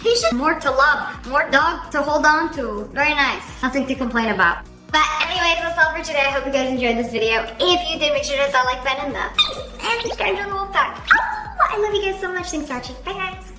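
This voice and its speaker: A woman's voice: high-pitched, lively intonation, quick pace, echoey room, over music. A woman hosting a reaction video, chatting casually with playful sarcasm.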